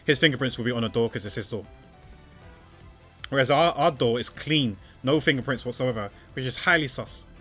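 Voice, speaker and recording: A man's voice: mid-range voice, a bit bright. A man streaming a detective game, thinking aloud in a rambling, repetitive way. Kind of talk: casual gameplay commentary.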